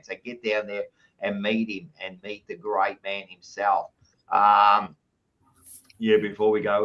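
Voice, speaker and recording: An Australian man with a fairly low voice, hosting a casual footy podcast. He chats in a jokey, blokey way, throwing "mate" into almost every line. The recording sounds a bit dull and lo-fi. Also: fairly bright tone. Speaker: podcast host. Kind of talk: casual chat reading out live chat messages.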